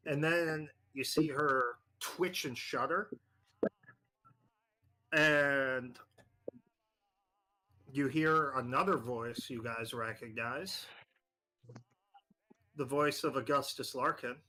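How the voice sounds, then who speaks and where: Narrating a horror tabletop session as game master, this man stumbles along with frequent filler words. His mid-range voice sounds pushed and bright.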